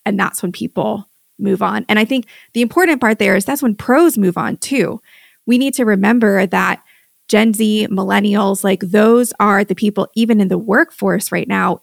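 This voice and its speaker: A woman co-hosting a podcast conversation, speaking in an animated, emphatic way with many fillers. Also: medium pitch, creaky, dry recording, studio quality.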